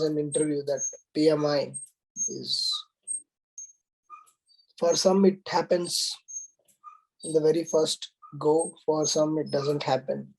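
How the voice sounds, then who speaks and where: A man's voice: on the high side, darkish tone, low-quality recording. A man, teaching an online exam coaching class. He reads out the question, explains it and asks the students to confirm.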